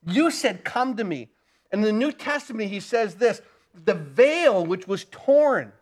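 High-voiced man preaching emphatically. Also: expressive, unhurried. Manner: emphatic, repeats key phrases, shifts pace often. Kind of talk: sermon.

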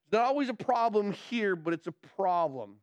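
A male pastor preaching a sermon, excitable and getting louder as he gets worked up, often restarting his words. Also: sits high, moderate pace, no room sound. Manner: excitable, gets loud when excited, many repeated restarts.

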